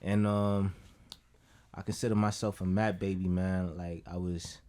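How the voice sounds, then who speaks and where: With a deep, level and somewhat mellow voice, this guest musician from Brooklyn, New York, speaks a little slowly. He meanders casually through a podcast conversation, repeatedly saying "you know what I'm saying."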